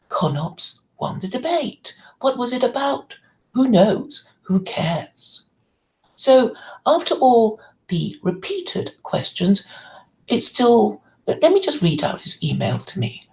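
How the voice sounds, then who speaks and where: Slow, gravelly woman ranting angrily. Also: fairly high pitch, a little mellow, poor audio. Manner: angry, indignant and profane. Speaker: channel host. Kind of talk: ranting monologue to camera.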